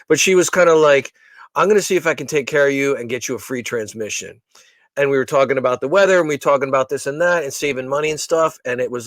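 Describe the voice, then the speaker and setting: A man's voice: medium pitch, fairly bright tone, no room sound. A man co-hosting a casual podcast chat, ranting with profanity and stumbling repeats. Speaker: podcast co-host.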